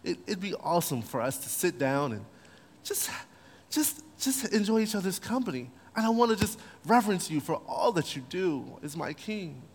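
Man doing a soft, sweet, flattering young queen, high voice, long hall echo. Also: normal speed, slightly rough, heavily acted.

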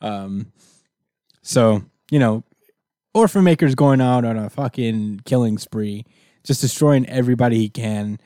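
A man talks through a comic's plot in a loose, animated way, jumping into quick voices for the characters. His voice sits at an ordinary middle pitch. The sound is dry and close, with no room around it. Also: no echo. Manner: animated storyteller who acts out characters' lines. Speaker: podcast co-host recapping a comic. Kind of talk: casual chat.

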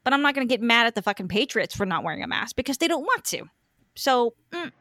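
A woman's voice: on the high side, very animated, quick pace, pushed and bright, no room sound, clean studio sound. A woman hosting a podcast, chatting casually about politics in a rambling, profane way with many fillers. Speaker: podcast host.

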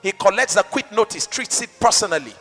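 A male pastor preaching a sermon to a congregation, dynamic and rhetorical, swinging from shouts to soft asides. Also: high-pitched, lively intonation, a little fast, in a large hall, faint music behind.

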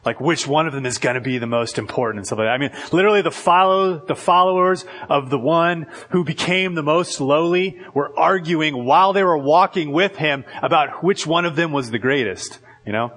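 A male pastor delivers his sermon in a relaxed, talky manner, often reaching for "like" and circling back to restart a thought. His voice sits a little higher than most men's. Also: brisk, hardly any pauses. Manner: conversational, frequent "like" and restarts.

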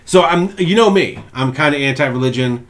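A young man with a slightly high voice speaks briskly as co-host of a podcast. He swears a lot while chatting and acts out quotes as he spins animated stories.

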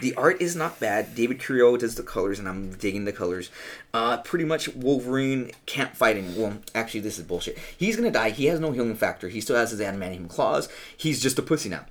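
A man's voice: mid-range voice, expressive, fast talker. Profane, rambling young man reviewing comics. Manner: profane, rambling, says dude a lot. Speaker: podcast co-host. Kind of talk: casual comic book review chat.

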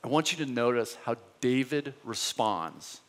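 A man's voice: mid-range voice, a little slow. Man preaching in a reverberant hall. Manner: animated, conversational storytelling. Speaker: pastor. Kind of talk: sermon.

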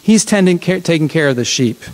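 A flustered older father, put on by a preacher who stammers and fumbles his words. The voice sits high, with a folksy, hesitant air. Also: expressive, brisk, a little mellow, natural voice. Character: flustered old father of many sons.

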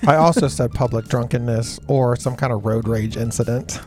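A man's voice: mid-range voice, normal speed, a little mellow. A man co-hosting a podcast, chatting casually in an easygoing way. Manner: easygoing, short reactions. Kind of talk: casual chat. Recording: faint background music.

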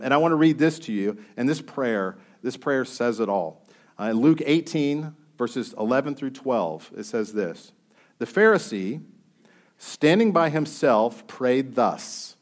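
A man's voice: mid-range voice, expressive, unhurried. A man preaching a sermon. He reads scripture aloud and puts questions to his listeners in a conversational way.

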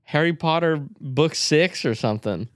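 In studio-quality sound with no echo, a man co-hosts a podcast, rambling through casual chat and laughing often. His voice is fairly high and runs at normal speed.

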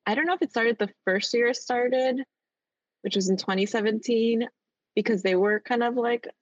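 A woman teacher talking casually as a podcast guest, chatty and full of fillers, lively when she retells her students' words. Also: medium pitch, dry recording, lo-fi sound. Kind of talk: casual interview chat.

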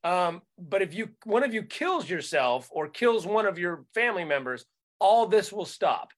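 Male comic co-host, high voice, animated rants, casual podcast banter. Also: normal speed. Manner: animated, ranting, swears freely. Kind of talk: casual comedic chat.

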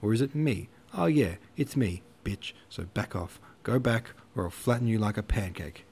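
A man's voice: mid-range voice, normal speed, creaky, dark tone, a little hiss or hum, lightly acted. A man doing a drunken raging army officer. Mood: drunken rage. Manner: belligerent, swearing. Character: drunken, raging transport officer, loud bully.

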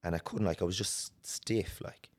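Irish guy, really low voice, telling his story in bits and restarts. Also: fairly even intonation. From Ireland. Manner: earnest, halting, with many restarts. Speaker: guest. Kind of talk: personal story in a podcast interview.

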